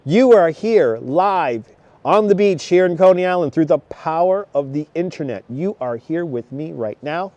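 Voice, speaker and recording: A man's voice: a little high, expressive, moderate pace, dark tone, dry recording, lo-fi sound. A man in his thirties live-streaming outdoors on a snowy beach, chatting with viewers, greeting them by name and laughing often. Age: 30s. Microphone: wireless clip-on mic.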